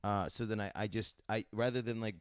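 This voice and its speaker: Young guy from upstate new york rambling on a podcast, smooth lowish voice, dry close sound. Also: steady tone, fairly quick, dry recording. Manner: rambling, laughs often, lots of fillers. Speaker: podcast host. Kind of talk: casual chat.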